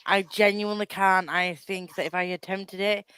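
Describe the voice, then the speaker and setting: A woman's voice: medium pitch, level tone, normal speed, fairly bright tone, clean tone, no echo. A woman chatting casually about a book on a live show, rambling with many restarts and self-deprecating laughs. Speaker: book club co-host.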